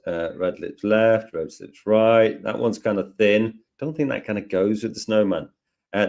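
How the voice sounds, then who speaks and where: A man hosting a live software lesson, chatting and joking as he thinks aloud through each step. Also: on the low side. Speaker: tutorial host.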